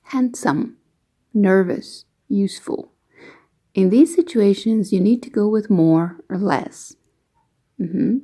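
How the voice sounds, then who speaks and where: A woman explaining English grammar rules slowly and patiently, giving example sentences as an online teacher. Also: mid-range voice, mellow. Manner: slow, careful, patient explaining.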